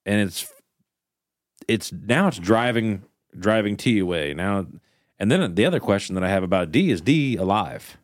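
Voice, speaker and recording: A man's voice: lowish voice, expressive, normal speed, no room sound, clean studio sound. A male podcast co-host in casual chat, musing aloud and asking questions.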